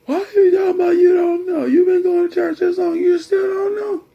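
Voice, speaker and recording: A man imitating his stern, agitated religious father who lectures insistently and rises to yelling. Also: medium pitch, expressive, moderate pace, lo-fi sound, voice pushed up, natural voice.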